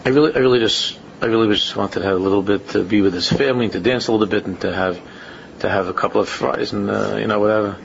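A man's voice: on the low side, fast talker, gravelly, a little hiss or hum. A man giving an informal religious talk, repeating his phrases and rising into emphatic questions. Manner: repetitive, restates phrases, rises to emphatic questions. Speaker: religious speaker. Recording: muffled lo-fi recording.

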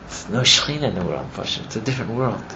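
A man teaching a class as he retells a story, rambling and filling his talk with "you know", and growing animated as the story builds. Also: lowish voice, fast, vocal fry. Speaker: religious teacher. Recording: muffled with steady background noise.

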